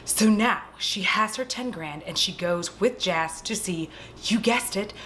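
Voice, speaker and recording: A young woman casually recapping a horror film at home, animated and swearing freely as she acts out the characters' lines. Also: medium pitch, a little slow, a little hiss or hum. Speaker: vlog host.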